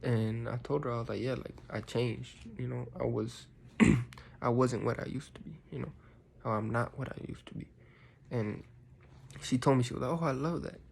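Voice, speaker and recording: Gravelly-voiced man musing casually. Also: mid-range voice, fairly even intonation, moderate pace, darkish tone, a little hiss or hum. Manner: rambling, reflective, heavy use of fillers like "you know". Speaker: vlogger. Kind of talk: casual personal talk to camera.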